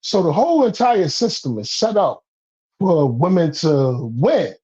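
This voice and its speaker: A man in heated casual chat, rambling, repeating himself and swearing as he builds to loud outbursts. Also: a little high, big pitch swings, unhurried, slightly rough. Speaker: guest on a talk stream. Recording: dull lo-fi stream audio.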